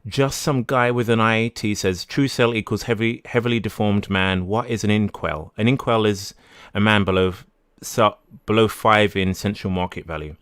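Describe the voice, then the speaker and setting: Guy hosting a live stream, low smooth voice, dry close sound, rambles and keeps correcting himself. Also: fairly even intonation, moderate pace, hardly any pauses, a bit bright, dry recording. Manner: rambling, restarts sentences, corrects himself often. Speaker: livestream podcast host. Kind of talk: casual live-stream talk, reading viewer messages.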